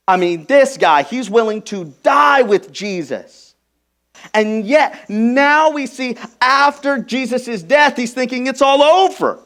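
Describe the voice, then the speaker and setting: Animated high-voiced male preacher. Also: measured pace. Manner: emphatic preaching that swells from hushed to loud. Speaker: pastor. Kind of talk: sermon. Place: church.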